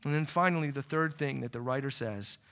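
A middle-aged pastor preaches a sermon conversationally at a brisk clip in a medium pitch. He keeps checking in with "right?" and shifts between loud emphasis and quiet asides.

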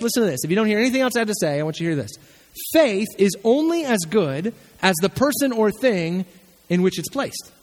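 High-voiced preacher in a reverberant hall. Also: male voice. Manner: animated storytelling, acting out voices. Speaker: pastor. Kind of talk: sermon.

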